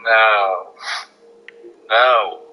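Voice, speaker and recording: A man's voice: lowish voice, drawn-out words, lo-fi sound, soft background music. A man streaming a game, rambling through casual anecdotes full of fillers. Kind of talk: casual storytelling chat.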